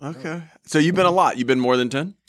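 A man who is a pastor, hosting a casual podcast chat, asking quick questions and laughing often. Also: a little high.

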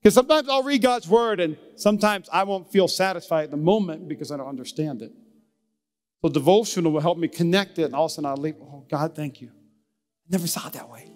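A man's voice: high-pitched, long reverb tail. A male pastor preaching a sermon in a church, emphatic and pleading, peppering his talk with "man". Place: church sanctuary.

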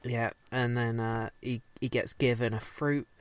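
A man casually recapping a show, rambling, swearing often and slipping into quick silly character voices. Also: medium pitch, fairly even intonation, clean tone, no room sound. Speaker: podcast co-host recapping a show. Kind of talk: casual chat.

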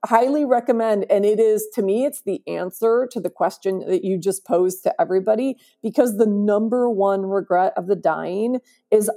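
Mellow-voiced woman talking earnestly. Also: medium pitch, normal speed, few pauses. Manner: earnest, emphatic, often asks "right?". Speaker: podcast guest. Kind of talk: conversational interview.

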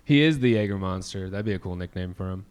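A man chatting casually with friends, animated and rambling with lots of fillers as he lists details. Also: low-pitched, fast, clean tone. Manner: animated, nerdy about skate shoes, rambling with fillers. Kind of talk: casual chat.

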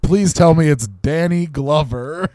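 A man's voice: on the high side, a little slow, mellow, no echo. A young man co-hosting a podcast in casual comedic chat, playfully spinning a made-up story. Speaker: podcast co-host.

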